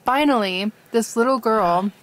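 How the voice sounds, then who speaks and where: Young adult woman, partner, animated storyteller, slightly high voice. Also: measured pace. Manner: animated, retelling with quoted speech. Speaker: vlogger's hiking partner. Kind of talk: casual storytelling.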